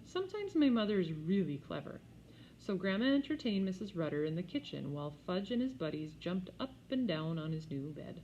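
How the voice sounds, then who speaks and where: A woman narrating a children's storybook in an expressive, wry manner, on a slightly dull recording. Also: lowish voice, brisk, a little hiss or hum. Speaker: audiobook reader.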